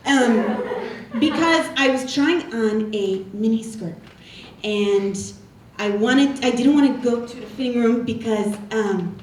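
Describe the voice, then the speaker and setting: A woman's voice: fairly high pitch, darkish tone, recorded from a distance, a little hiss or hum. Woman doing a rambling, bragging oddball lady. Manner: rambling, repetitive, tacks on "okay?". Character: oddball self-absorbed woman retail worker, rambling braggart. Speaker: stand-up character comedian. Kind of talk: live character stand-up monologue. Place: stage before a live audience. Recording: roomy live stage sound from afar with audience.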